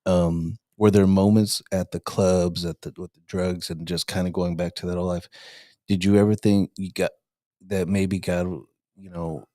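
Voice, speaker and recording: A man's voice: low-pitched, flat delivery, moderate pace, warm tone, no echo, clean studio sound. A man hosting a podcast, asking probing questions and rephrasing as he goes. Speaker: podcast host. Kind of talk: interview questions.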